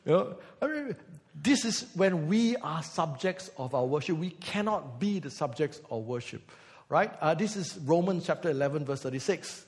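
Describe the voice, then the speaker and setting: With a long reverb tail behind him, a male pastor speaks at a moderate pace in a fairly high, slightly mellow voice with lively intonation. His sermon is conversational, full of teasing aimed at the congregation and bits of singing.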